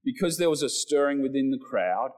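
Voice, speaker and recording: A man preaching a sermon to his church, telling the story with animated delivery and acted-out quotes. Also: medium pitch, fairly quick, poor audio. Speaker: pastor.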